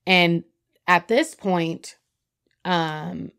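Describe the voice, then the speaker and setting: Young woman on a podcast, chatty recap, voice jumps way up when she's excited. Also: very slow, clear, resonant tone. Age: young adult. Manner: animated storytelling with big pitch jumps when excited. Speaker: podcast co-host. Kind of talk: casual chat recapping a reality show.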